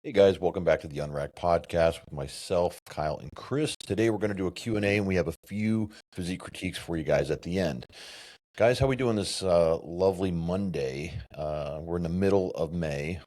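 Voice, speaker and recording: Low-voiced male podcast host, friendly, asks questions. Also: a little fast, darkish tone. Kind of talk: casual podcast chat.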